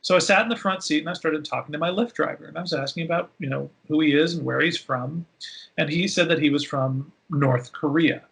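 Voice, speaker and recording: A man who is a podcast guest, telling stories in a casual interview with lively, animated delivery. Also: a little fast, vocal fry. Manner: animated storyteller with big pitch jumps.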